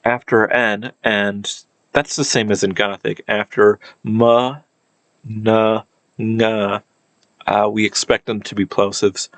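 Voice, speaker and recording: A man's voice: fairly low pitch, level tone, slow, fairly bright tone, dry recording, low-quality recording. A man giving an unscripted explainer lesson, thinking aloud with frequent fillers and self-corrections. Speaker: video lecturer on historical linguistics.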